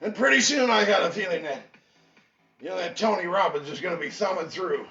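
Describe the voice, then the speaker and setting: A man giving an impassioned motivational pep talk as a fitness instructor, preachy and repetitive, bursting into shouts. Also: high voice, lively intonation, fairly quick, gravelly. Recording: echoey, distant, dull mic with faint music.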